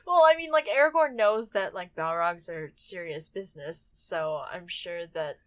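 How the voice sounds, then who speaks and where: A woman chatting casually as a podcast co-host, playful and quick with quips. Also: on the low side. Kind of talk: casual chat.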